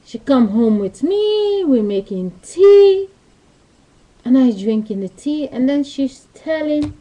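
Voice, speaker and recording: Lady rambling at her webcam, uneven english, voice a bit high. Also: big pitch swings, takes it slowly, dark tone, low-quality recording. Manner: rambling, non-native English grammar. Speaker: vlogger. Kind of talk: casual storytelling monologue. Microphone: webcam mic.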